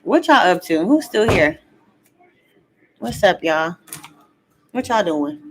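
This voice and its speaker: A tarot reader and vlogger chats casually on a livestream from home while cooking, speaking slowly in a lowish, very animated voice. She's loud, laughs often and acts out voices using slang. The audio is poor, with slight background noise.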